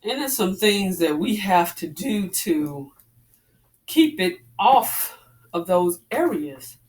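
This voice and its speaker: In a medium-pitched, darkish voice that swings widely in pitch, a woman speaks slowly. She's a fitness vlogger in her forties who chats with her "y'all" audience as she works out, a little out of breath and exclaiming breathily between exercises.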